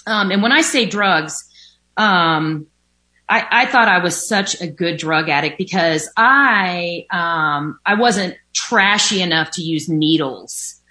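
In a personal recovery testimony, a woman recovering from alcoholism speaks openly about overcoming addiction while sitting at home by a window. She talks slowly in a low, sharp-toned voice, with lots of fillers and an occasional swear.

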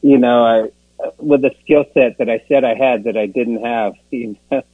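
A man's voice: mid-range voice, steady tone, measured pace, husky, no room sound. A man sharing his recovery story in a rambling, self-deprecating way, often laughing at himself and filling gaps with "you know.". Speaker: speaker sharing at a recovery meeting. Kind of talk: personal recovery testimony. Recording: tinny phone-like dry sound.

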